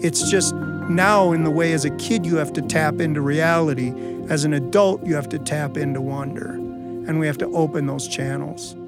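A man's voice: a little high, fairly even intonation, normal speed, over loud music. A man telling folksy, reflective stories to an audience with comic timing. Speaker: storyteller and guest. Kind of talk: storytelling for an audience.

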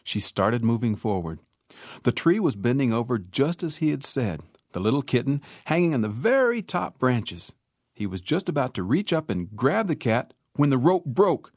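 Man, storyteller, folksy, animated, swooping pitch, dry sound. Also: moderate pace, dry recording. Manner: animated, acts out characters.

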